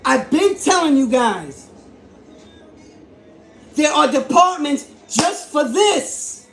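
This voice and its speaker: Gravelly, high-pitched man ranting in an echoey room. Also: expressive, slow, soft background music. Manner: emphatic, repetitive, rising to shouts. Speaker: YouTube host. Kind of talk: impassioned commentary vlog.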